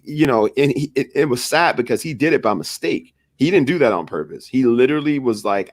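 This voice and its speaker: A man's voice: mid-range voice, brisk, few pauses, no echo. A man co-hosting a podcast, telling a story in a casual chat and acting out the people he quotes. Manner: animated, acts out quoted voices. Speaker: podcast co-host.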